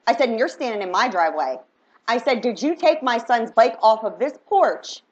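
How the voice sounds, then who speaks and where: A middle-aged woman, a mother, telling a story in an indignant, animated casual rant, acting out her own lines and others'. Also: fairly high pitch, moderate pace, dull audio.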